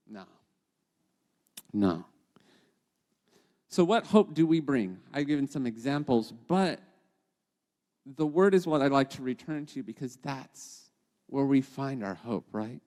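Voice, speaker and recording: A man of middle pitch gives a conversational devotional teaching, talking straight to his listeners and constantly checking in with quick questions. His voice trails off into a long, lingering reverb, as if he were in a big open room. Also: lively intonation, darkish tone. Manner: chatty, keeps checking in with "okay?" and "right?". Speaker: podcast host and teacher.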